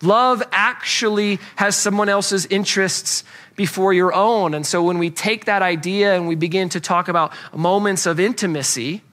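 A pastor preaching a sermon, earnest and conversational, repeating key phrases for emphasis. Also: male voice, high-pitched, a bit bright.

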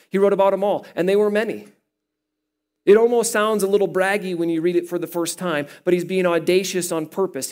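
A male pastor with a high voice preaches a sermon in an animated, playful way. He jokes with his listeners as he teaches, and his voice climbs as he gets excited.

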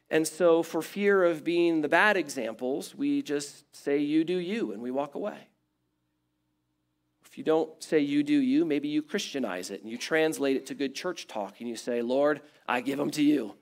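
Emphatic male pastor preaching. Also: a little high. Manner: emphatic, builds in repeated phrases, then drops quiet. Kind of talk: sermon.

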